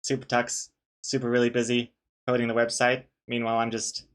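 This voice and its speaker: A man's voice: medium pitch, monotone, a little fast. A young man on a live stream, chatting casually while drawing a comic, reading out viewer messages and poking fun at himself. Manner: rambling, self-mocking, reads out chat messages and greets viewers.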